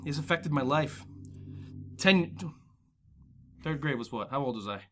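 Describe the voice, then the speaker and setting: A man's voice: a little high, a little slow, noisy background. Rambling young man hosting a podcast. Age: 20s. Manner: rambling storyteller, heavy on filler words; animated, slips into comic voices. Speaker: podcast host. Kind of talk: casual podcast chat.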